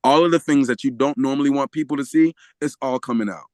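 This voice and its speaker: A man telling a story as a podcast guest, animated and often laughing, acting out the voices of the people in it. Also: medium pitch, fast, no echo. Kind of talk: storytelling in a casual interview.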